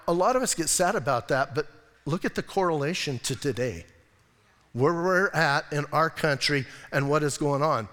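A male pastor preaching a sermon, reading scripture aloud with animated emphasis and dropping to hushed asides. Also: a little high, long reverb tail.

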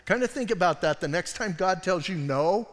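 A man preaching in a fairly high voice, telling the story in a lively, slangy way with many asides. His voice rings out with a long hall reverb. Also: normal speed. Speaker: pastor. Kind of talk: sermon.

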